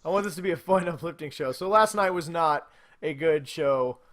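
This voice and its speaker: A man in his thirties co-hosts a laid-back podcast, his voice sitting notably high. He tells stories with plenty of animation and breaks into laughter often. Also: moderate pace, fairly bright tone. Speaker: podcast co-host. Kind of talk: casual chat.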